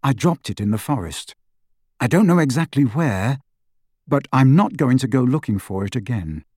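A man voicing a weary teenage boy wizard, tired, quiet and measured, in an audiobook. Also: medium pitch, animated, dry recording, clean studio sound, natural voice. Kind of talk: audiobook character voice.

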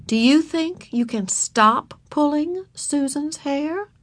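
A woman voicing a firm but kind female kindergarten teacher, speaking slowly and sternly. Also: high-pitched, voice pushed up. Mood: firm measured. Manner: slow, measured and stern.

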